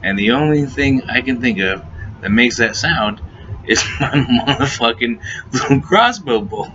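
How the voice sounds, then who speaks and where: A man's voice: medium pitch, expressive, unhurried. A man telling a casual story, swearing freely, often laughing and stumbling over his words. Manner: profane, laughing often, repeats and restarts words. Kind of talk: casual anecdote. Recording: dull lo-fi recording with faint noise.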